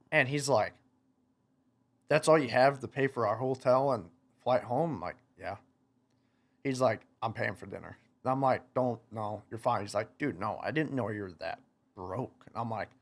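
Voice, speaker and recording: A young man in his twenties with a slightly low voice tells a story in an easygoing podcast chat. He rambles, leans on "like" constantly and acts out what he and others said. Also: animated, moderate pace, creaky. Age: 20s. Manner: rambling, many "like" fillers, quoting himself. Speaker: guest, motocross racer.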